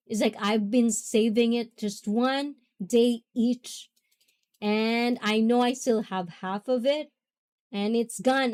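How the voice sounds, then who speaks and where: A giggly woman hosts a relaxed livestream chat, taking her time between words. Her speech is unhurried and drawn out, with frequent laughter as she reads viewer comments. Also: a little high. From half Japanese, half Filipina. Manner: giggly, chatty, often laughing. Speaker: livestream host.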